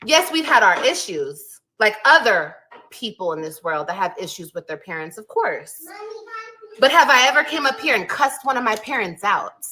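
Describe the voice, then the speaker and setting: A woman's voice: mid-range voice, big pitch swings, moderate pace, sharp tone, a little hiss or hum, rough recording. A woman in a heated rant to her camera, defiant and mocking, swearing often. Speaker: content creator in a played clip.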